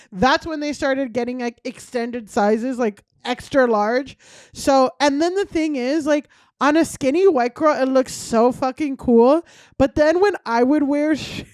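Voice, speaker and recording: A woman in her thirties, a guest comedian on a casual podcast, telling lively stories and acting out quotes. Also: sits high, no echo, studio quality. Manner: animated storytelling, acting out quotes.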